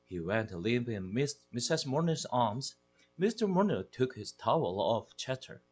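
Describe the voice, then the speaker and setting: Husky man reading a children's book aloud. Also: mid-range voice, sing-song, measured pace. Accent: Korean. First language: Korean. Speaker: English teacher.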